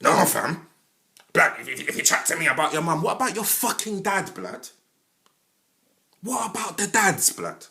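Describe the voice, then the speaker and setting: A man with a London accent, giving a passionate monologue as a podcast host, speaking straight to the listener with plenty of slang and sudden loud bursts. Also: moderate pace, gravelly, long pauses. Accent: London English. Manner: animated, switches between loud outbursts and low asides; heavy London slang, addresses listener directly. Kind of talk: impassioned monologue.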